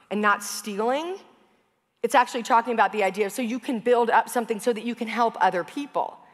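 A woman's voice: a little high, a bit bright. A woman pastor giving a conversational sermon, telling stories in a chatty way with casual fillers. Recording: long hall reverb.

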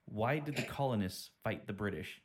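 An American man acting as quizmaster on a radio show, teasing and joking, slowing down to read questions. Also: lowish voice. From United States. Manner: teasing, deliberate when reading questions. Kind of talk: casual quiz banter.

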